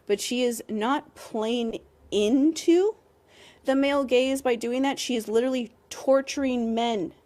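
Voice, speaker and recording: A woman's voice: a little high, unhurried, a little mellow. A young woman co-hosting a podcast, ranting emphatically with lots of "like" and some swearing. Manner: heated and emphatic, heavy use of "like", swearing. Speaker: podcast co-host.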